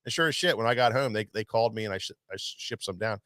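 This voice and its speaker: A man's voice: lowish voice, very fast, a bit bright, dry recording. A man who runs a tackle shop, telling a long fishing story in casual chat, rambling with many restarts. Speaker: tackle shop owner, show host.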